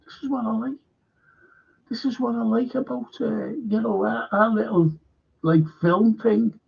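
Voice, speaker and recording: A man hosts a casual film review livestream, rambling and swearing freely. His voice sits fairly high with a husky, gravelly edge. The stream audio sounds dull and lo-fi. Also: fairly even intonation, a little slow. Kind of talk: casual livestream chat reading viewer comments.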